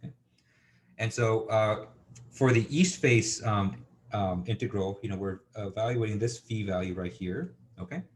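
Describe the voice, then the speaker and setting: A man with a low voice teaches a university engineering class, working step by step through equations. He talks with lots of fillers and keeps checking in with "okay?" and "right?". A faint hum sits behind him. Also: normal speed. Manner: thinking aloud with many fillers and checks like "okay?". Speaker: university lecturer. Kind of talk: recorded engineering lecture.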